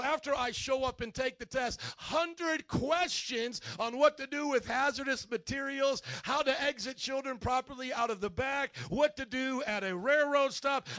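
A middle-aged man preaching a sermon, telling a story with animated delivery, acting out the people in it and calling on the congregation to respond. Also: very high voice, dry recording. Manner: animated, acts out characters, calls to congregation. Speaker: pastor.

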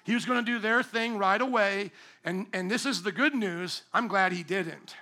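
A man preaching a sermon as pastor, lively and humorous, acting out quotes and asking the congregation questions. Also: high voice, normal speed. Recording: recorded during a church service.

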